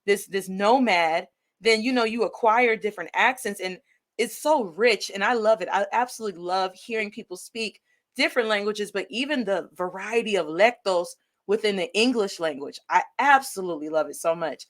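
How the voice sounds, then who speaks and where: A woman from Detroit with a Detroit Midwestern accent, hosting a podcast interview over a live video call with energetic, expressive talk that mixes in Spanish words. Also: medium pitch, normal speed. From Detroit, Michigan. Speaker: podcast host. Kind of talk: conversational interview.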